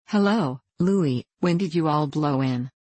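A woman's voice: low voice, measured pace, darkish tone, no room sound. A woman voicing a boisterous male gold-rush adventurer about to turn thirty, speaking in a hearty, folksy way that calls out to a whole room.

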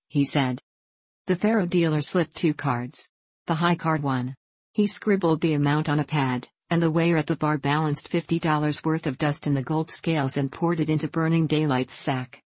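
A woman narrating an audiobook in a steady, measured reading voice. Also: sits low, no room sound. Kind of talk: scripted narration.

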